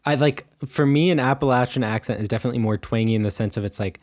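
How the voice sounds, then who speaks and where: A man's voice: medium pitch, fast, darkish tone. An American man co-hosting a podcast in casual chat, rambling loosely with lots of "like" and "um" fillers. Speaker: podcast co-host.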